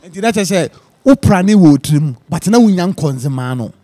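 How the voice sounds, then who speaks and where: A man's voice: sits high, lively intonation, moderate pace, mellow. A man with a Ghanaian accent hosting an interview, giving advice and moral lessons before questioning his guest. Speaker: talk show host.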